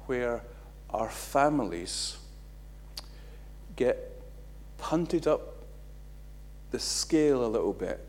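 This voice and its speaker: Animated preacher man. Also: medium pitch, extremely slow, pauses often. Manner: animated, acts out quotes with big swings in loudness. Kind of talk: sermon.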